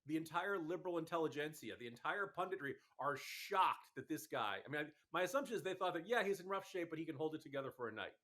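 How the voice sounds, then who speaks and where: A man speaking as a commentator guest on a talk radio interview, arguing his case in a fast, exasperated, emphatic way. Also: a little high, bright, forceful tone.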